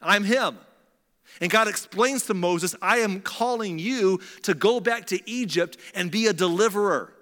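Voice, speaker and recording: A man's voice: a little slow, fairly bright tone, long reverb tail. A man preaching a sermon, telling the story in a casual conversational way and acting out the dialogue. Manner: conversational storytelling, acts out dialogue with shifting pitch. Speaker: pastor.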